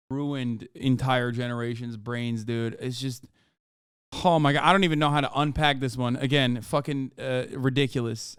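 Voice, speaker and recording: A man's voice: medium pitch, a bit bright, clear, resonant tone, dry recording, studio quality. A man streaming casual commentary on clips, ranting in a profane, exasperated way. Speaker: streamer reacting to videos.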